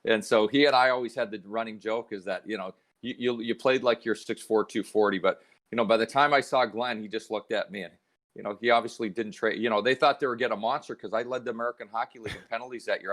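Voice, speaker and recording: Man, middle-aged, from canada, lowish voice, lively storyteller, casual podcast guest. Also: fast. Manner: animated storyteller, acts out quoted voices. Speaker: guest hockey analyst.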